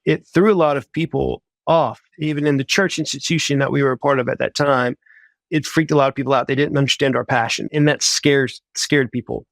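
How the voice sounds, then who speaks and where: A man of middle pitch tells his faith testimony in a relaxed, animated way. He scatters "like" through his speech and voices his own thoughts as quotes. The recording is close and dry. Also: brisk, vocal fry, no echo. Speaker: guest sharing a faith testimony. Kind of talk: casual storytelling.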